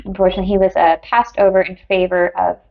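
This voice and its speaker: A woman co-hosting a podcast in casual chat, chiming in with quick, wry comments. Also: medium pitch, flat delivery, narrow, tinny audio. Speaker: podcast co-host.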